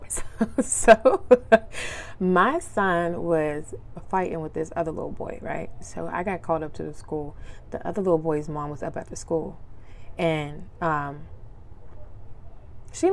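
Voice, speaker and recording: Chatty young woman telling stories, slightly low. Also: a little slow, pauses often. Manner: chatty storyteller, acts out quotes, laughs often; loose slangy casual speech. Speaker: podcast host. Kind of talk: casual solo podcast monologue.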